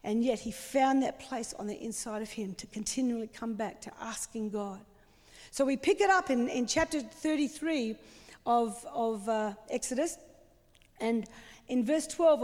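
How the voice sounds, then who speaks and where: A woman's voice: a little high, moderate pace, darkish tone, long reverb tail. A woman preaching a sermon with passion and strong emphasis.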